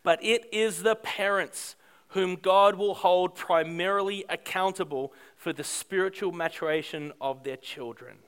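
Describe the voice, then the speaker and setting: Middle-aged male pastor, high bright smooth voice, animated self-deprecating sermon storyteller. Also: a little slow.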